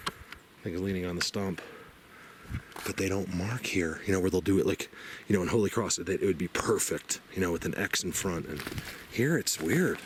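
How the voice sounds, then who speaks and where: Rambling low-voiced man hiking outdoors. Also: normal speed. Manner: rambling, excitable, many fillers. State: slightly out of breath. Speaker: outdoor video blogger. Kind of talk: casual walking commentary. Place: outdoors in a forest. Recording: noisy outdoor field recording.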